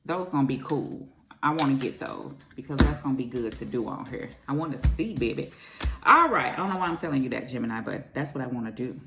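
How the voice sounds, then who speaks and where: A woman's voice: very deep voice, expressive, fast, noisy background. A middle-aged woman, doing a chatty casual tarot reading and calling her viewers baby and honey. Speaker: tarot reader.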